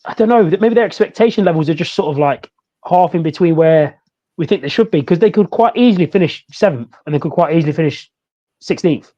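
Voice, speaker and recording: A man, co-hosting a casual football podcast and chatting in an animated way. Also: a little high, fast, dull audio. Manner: chatty, animated, laughs easily. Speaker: podcast co-host.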